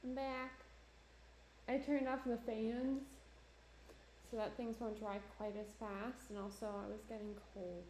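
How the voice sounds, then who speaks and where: A woman's voice: mid-range voice, steady tone, unhurried, mellow, slight background noise. A woman from New Jersey streaming while she works on pottery, chatty and self-deprecating, laughing often. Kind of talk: casual livestream chat while working. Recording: roomy echo.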